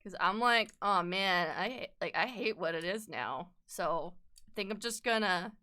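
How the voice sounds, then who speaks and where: Bright, clear-voiced woman streamer chatting. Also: medium pitch, lively intonation, moderate pace. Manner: rambling, self-deprecating, swears casually. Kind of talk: casual live-stream chat while drawing.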